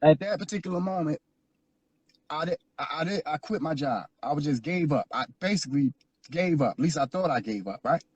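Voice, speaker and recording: A man's voice: fairly high pitch, animated, brisk, a little mellow, slightly rough, dull audio. A man from Philadelphia telling his life story as an interview guest, earnest and repetitive, building into preaching. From Philadelphia, USA. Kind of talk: emotional personal testimony.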